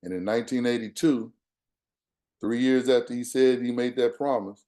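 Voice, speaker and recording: A man's voice: medium pitch, fairly even intonation, normal speed, warm tone. An older man from Texas, a guest speaker telling a personal story in an earnest, conversational way, quoting the people in it. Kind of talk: storytelling talk.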